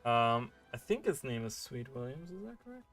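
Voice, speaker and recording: Man streaming a game, casual rambling chat, lots of fillers, mid-pitched voice, faint music behind. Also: very animated, moderate pace, a bit bright. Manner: rambling, heavy on fillers and restarts. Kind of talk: casual livestream chat while gaming.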